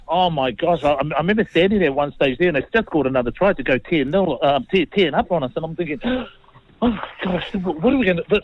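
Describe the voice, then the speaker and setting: A New Zealand man in his fifties, once a rugby league player, rambles through self-deprecating stories as a guest in a casual interview. His voice is a little high, and the recording sounds muffled.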